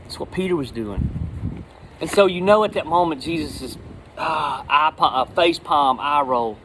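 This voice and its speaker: A middle-aged man giving a casual, folksy sermon, animated, with repeated words. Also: on the high side, moderate pace, background noise. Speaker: lay preacher.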